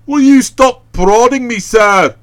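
A reader voicing an irritable older male aristocrat who barks his lines loudly and indignantly. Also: mid-range voice, animated, slow. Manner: loud, indignant barking.

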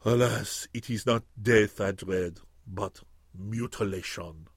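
A man voicing a pompous, fearful French duelist in a solemn, melodramatic, drawn-out way. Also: mid-range voice, animated, gravelly, no room sound, clean studio sound, voice pushed down. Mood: mournful.

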